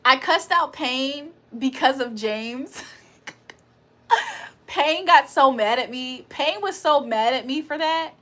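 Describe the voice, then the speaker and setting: A woman's voice: high-pitched, expressive, takes it slowly, sharp tone. A young woman hosting a casual livestream, reading chat aloud and laughing often. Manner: chatty, laughs often, reads comments aloud.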